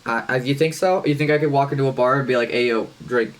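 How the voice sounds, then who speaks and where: A brash young man talks at a rapid clip with a mid-range voice, loud and full of swagger. He co-hosts a casual podcast chat and swears freely. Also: medium pitch, steady tone. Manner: loud, profane and boastful. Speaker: podcast co-host.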